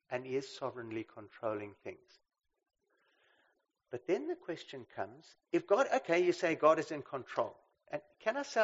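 Animated man preaching a sermon. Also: fairly high pitch. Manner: animated, swings between loud emphasis and quiet asides, asks "right?" often. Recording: slightly dull lo-fi recording.

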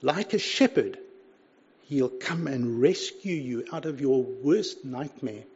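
A man's voice: medium pitch, slow, a little mellow, breathy edge. A man preaching a sermon in an earnest, conversational way, often saying "you see" and reading scripture aloud. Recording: dull lo-fi recording.

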